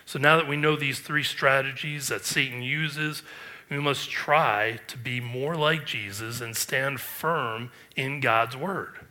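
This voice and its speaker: A man's voice: mid-range voice, sharp tone. A man preaching a sermon, earnest and emphatic, with rhetorical questions. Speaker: pastor.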